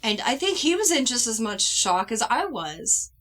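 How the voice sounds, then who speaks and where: A woman doll-collector vlogger telling a personal story at home in an earnest, heartfelt way, pausing and restarting as she goes. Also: on the high side, sing-song, fairly bright tone.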